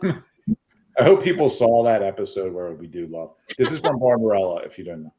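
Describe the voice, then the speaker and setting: Animated joking man on a video call. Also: fairly low pitch, a crowd in the background. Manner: joking, quick asides. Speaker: regular panelist. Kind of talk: casual panel chat.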